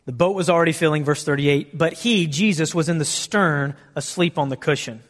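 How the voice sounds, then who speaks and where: A man preaching a sermon in a lively, conversational way, asking his listeners many questions. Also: a little high, a little fast, in a large hall.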